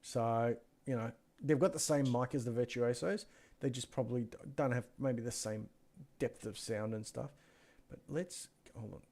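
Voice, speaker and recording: Gravelly man chatting casually. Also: medium pitch, steady tone, normal speed, warm tone. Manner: chatty, loose, trails off mid-sentence, mutters while browsing. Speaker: co-host of a PC deals show. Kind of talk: casual rambling chat with anecdotes. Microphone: gaming headset mic.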